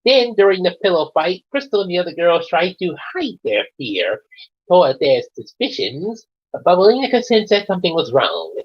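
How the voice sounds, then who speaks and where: Man, casual storytime reading, chuckles, restarts lines, lively pitch, dull lo-fi sound. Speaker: storyteller reading his own book. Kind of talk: casual read-aloud storytime. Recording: dull lo-fi recording.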